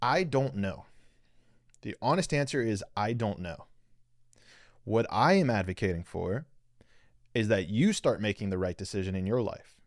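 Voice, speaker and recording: A man's voice: on the low side, expressive, normal speed, long pauses, no echo, clean studio sound. A man hosting a podcast, giving an earnest spiritual teaching monologue and coaching listeners directly, with a lot of repetition. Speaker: podcast host. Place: live stream reading viewer comments.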